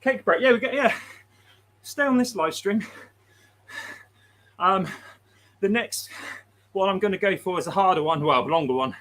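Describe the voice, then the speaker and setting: A man's voice: sits high, normal speed, pauses often, fairly bright tone. A man hosting a livestream, chatting casually, laughing often and reading out viewer messages. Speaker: livestream host.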